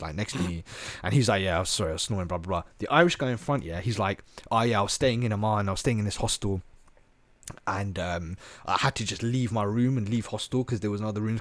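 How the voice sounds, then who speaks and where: A man telling travel stories on a podcast, animated and slangy, full of "bro" and "like". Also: lowish voice, fairly quick, no room sound. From England. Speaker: podcast host. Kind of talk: casual storytelling chat.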